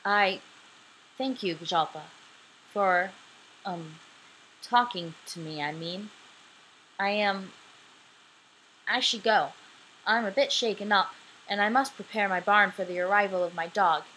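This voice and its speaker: A woman's voice: mid-range voice, measured pace, long pauses, pushed and bright, slight background noise, rough recording. A young woman voicing the trickster god Loki in a home-recorded storybook reading, speaking his lines earnestly and hesitantly. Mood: flustered. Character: trickster god Loki, male, guarded and wary.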